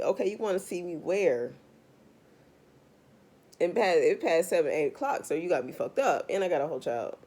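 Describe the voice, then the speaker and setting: A woman's voice: fairly low pitch, big pitch swings, normal speed, long pauses, mellow. A woman doing a casual tarot reading vlog, talking straight to her viewers in a blunt, profane rant. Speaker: tarot reader.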